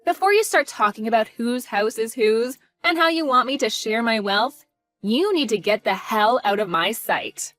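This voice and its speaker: A woman's voice: a little high, lively intonation, normal speed, a bit bright, faint music behind. A woman voicing a scornful wife who confronts her cheating husband in a cold, mocking, cutting way. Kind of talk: voiced story drama.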